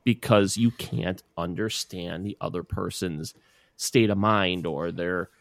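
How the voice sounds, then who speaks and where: A man's voice: sits low, slow, creaky, no room sound, clean studio sound. A man in his thirties co-hosting a podcast, rambling in casual chat with lots of fillers. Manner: rambling, many fillers and restarts. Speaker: podcast co-host.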